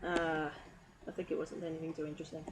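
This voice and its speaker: Woman streamer, slightly low voice, giggly and rambling, over clear background noise. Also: flat delivery, fast, low-quality recording. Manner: rambling, giggly, lots of fillers. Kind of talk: casual meme review commentary.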